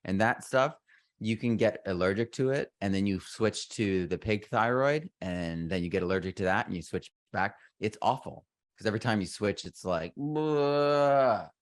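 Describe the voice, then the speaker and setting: Middle aged guy, lowish voice, rambly storyteller who keeps restarting, dry close sound. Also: normal speed, no echo. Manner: rambling, self-interrupting storyteller. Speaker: podcast guest. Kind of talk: casual interview conversation.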